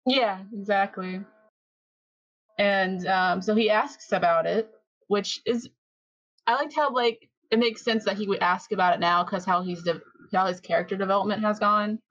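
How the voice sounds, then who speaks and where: A woman on a podcast, casually recapping episodes and acting out the characters' lines in an animated way. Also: medium pitch, normal speed, no room sound, lo-fi sound. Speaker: podcast co-host.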